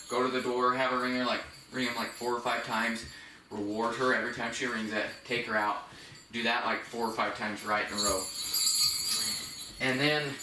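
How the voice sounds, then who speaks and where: A man working as a dog trainer, calmly explaining steps to the owners during a casual demonstration. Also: echoey room, far from the mic, slight background noise. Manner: instructive, talks to the dog in high praise bursts.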